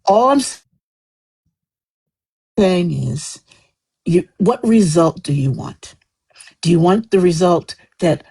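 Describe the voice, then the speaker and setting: Husky woman arguing with rising heat. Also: fairly low pitch, lively intonation, slow pace, pauses often, warm tone, rough recording. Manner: passionate, rising to heated, then apologetic. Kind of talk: impassioned live stream debate.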